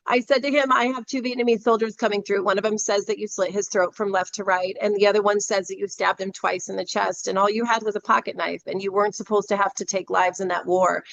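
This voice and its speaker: A woman talks over a video call, spinning a long story in an animated, chatty way. She fills her sentences with "you know" and "like", and the audio sounds a bit dull and lo-fi. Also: on the high side. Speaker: psychic medium guest. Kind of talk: storytelling interview chat.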